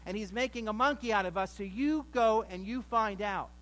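Resentful men, voiced by a male preacher, demanding and threatening in a high, bright, insistent voice. Close to his plain speech, but pushier. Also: normal speed. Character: group of pressured, resentful men.

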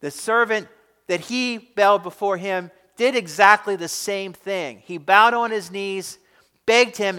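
High-voiced emphatic preacher man. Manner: emphatic, swinging between loud stresses and quiet drops. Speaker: pastor. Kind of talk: sermon. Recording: echoey hall reverb.

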